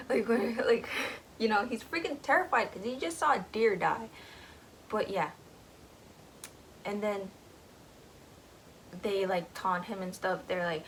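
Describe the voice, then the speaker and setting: A young woman recaps a book in a casual, rambling way, filling her sentences with "like"s and small giggles. Her voice sits at a middle pitch for a woman. There is faint noise behind her. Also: a little slow, rough recording. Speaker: book vlogger.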